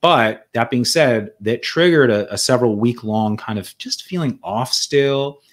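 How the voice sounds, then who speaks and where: A man's voice: medium pitch, measured pace. A man in a conversation, recounting his experience in an earnest, reflective way. His voice sits in a mid range. He often restarts and repeats words while he searches for the right phrasing. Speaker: interview guest. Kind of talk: conversational storytelling.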